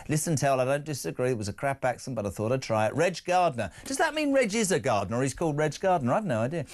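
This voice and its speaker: A man's voice: mid-range voice, very animated. Jokey man hosting talk radio. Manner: jokey, quick asides, laughs at own lines. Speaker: stand-in radio host. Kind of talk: lively talk radio, reading listener texts.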